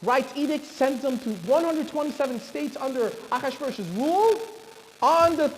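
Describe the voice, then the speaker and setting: A man's voice: extremely high pitch, normal speed. A man, a rabbi, telling a dramatic story in a sermon at a synagogue. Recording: reverberant hall, faint background noise.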